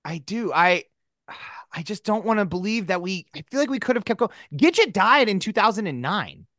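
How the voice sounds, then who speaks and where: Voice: mid-range voice, lively intonation, moderate pace, fairly bright tone, no room sound, studio quality. A podcast co-host in casual chat, rambling and cutting themselves off, often laughing mid-sentence. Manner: rambling, self-interrupting, laughs while talking.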